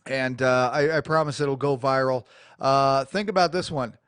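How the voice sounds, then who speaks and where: A man's voice: mid-range voice, normal speed, a bit bright, clean tone, no echo. A man with an American accent hosting a small studio radio show, ranting bluntly and crudely in a rambling, profane way into a studio mic. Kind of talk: profane talk-radio rant. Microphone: studio mic with adjustable EQ.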